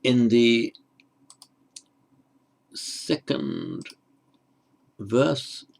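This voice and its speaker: A man teaching Sanskrit grammar in an online lesson, explaining slowly and carefully and correcting himself as he goes. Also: medium pitch, animated, gravelly, a little mellow.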